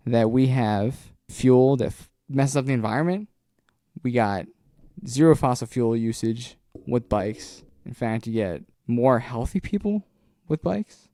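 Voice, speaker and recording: Podcast host, man, mellow mid-pitch voice, earnest and opinionated. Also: dry recording, clean studio sound. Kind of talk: casual chat.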